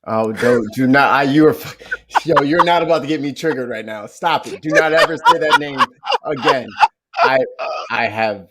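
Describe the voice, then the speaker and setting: A man from St. Louis co-hosting a podcast, playful and quick to laugh in casual chat. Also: medium pitch, lively intonation, very noisy. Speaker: podcast co-host.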